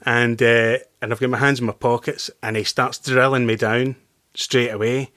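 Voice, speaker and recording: A man telling a story as a podcast guest in casual talk, swearing freely and getting animated. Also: mid-range voice, normal speed, dry recording. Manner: profane, animated anecdote-teller.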